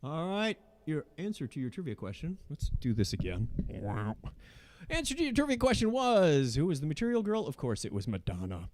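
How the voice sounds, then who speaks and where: A middle-aged man hosting his own weekly livestream, chatting casually into a microphone and reading out viewer messages and birthday shout-outs. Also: on the high side, wildly swooping pitch, normal speed, background noise. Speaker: host of a weekly karaoke livestream. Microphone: studio microphone.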